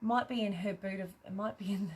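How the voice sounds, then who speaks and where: A woman's voice: medium pitch, steady tone, fairly quick, husky. An Australian woman hosting a live craft stream, chatting casually and reading out viewer comments, laughing often and swearing cheerfully.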